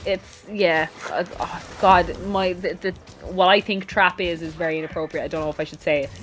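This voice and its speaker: An Irish woman in a casual let's-play chat, talking freely and often jumping up in pitch. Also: fairly even intonation, moderate pace, soft background music.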